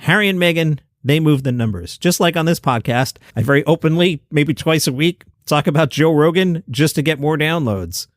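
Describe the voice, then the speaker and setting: A man's voice: fairly high pitch, moderate pace, few pauses, dry recording. A man talking through the day's comedy headlines in a loose, chatty way. He sits at a table by his laptop, and the sound is dry and close with no room around it. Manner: chatty, conversational retelling of stories. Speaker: podcast host. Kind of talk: comedy news podcast, casual solo talk. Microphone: desk mic next to a laptop.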